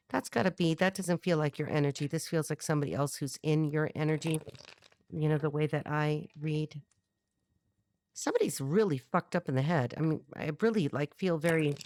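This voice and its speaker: A woman's voice: deep voice, normal speed, a little mellow. A middle-aged woman giving a channeled tarot reading, blunt and rambling, thinking aloud with many restarts. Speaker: tarot reader.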